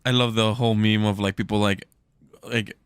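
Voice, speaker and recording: A man's voice: on the low side, flat delivery, moderate pace, clear, resonant tone, dry recording. A man co-hosting a casual podcast, chiming in with brief, laid-back remarks. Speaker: podcast co-host.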